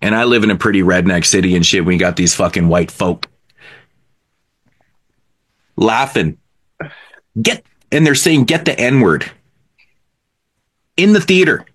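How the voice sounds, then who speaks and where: Low-voiced man, blunt and profane. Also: animated, normal speed, pauses often, a bit bright, slightly rough. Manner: blunt, heavily profane storyteller. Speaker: podcast co-host. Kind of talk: casual chat.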